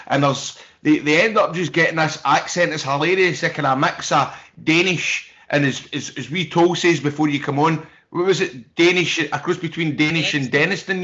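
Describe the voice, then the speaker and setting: A man's voice: a little high, sharp tone. A man, co-hosting a podcast with rambling, joking banter. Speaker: podcast co-host. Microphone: home call over video chat. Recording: dull lo-fi internet call audio.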